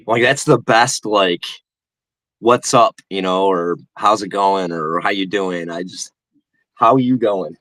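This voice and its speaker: A man's voice: on the low side, slow pace, a bit bright, no echo. A man chatting casually on a live stream, rambling and laughing often. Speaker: guest co-host.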